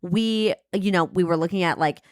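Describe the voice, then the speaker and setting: A woman's voice: on the low side, normal speed, no room sound, clean studio sound. A woman co-hosting a podcast in casual, playful chat, crude and fond of swearing. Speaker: podcast co-host.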